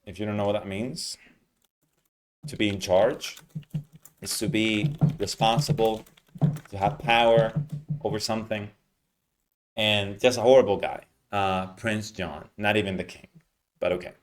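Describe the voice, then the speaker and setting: A man teaching English pronunciation, explaining patiently and modeling words slowly with clear stress. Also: fairly low pitch. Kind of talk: teaching lesson, explaining reading aloud.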